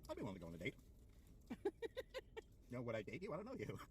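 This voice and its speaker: A man's voice: mid-range voice, huge pitch swings, fast, slight background noise. A man answering questions in a casual chat, laid-back and hesitant with fillers. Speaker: interviewee in a clip.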